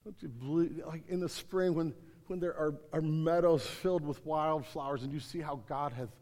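Male pastor, high voice, earnest sermon delivery with restarts, large reverberant room. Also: fairly even intonation, normal speed, a little mellow. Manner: earnest, repeats words, rises to emphatic then drops low. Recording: hall reverb.

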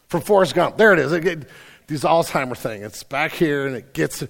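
A young adult man preaching a sermon, telling a story with big swings between loud and hushed. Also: on the high side, moderate pace, creaky, long reverb tail. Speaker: pastor.

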